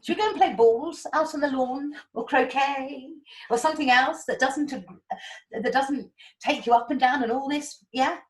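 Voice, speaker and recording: Chatty woman, high voice. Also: normal speed, rough recording. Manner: animated, chatty, explains with homely analogies. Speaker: spiritual guide. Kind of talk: casual spiritual talk.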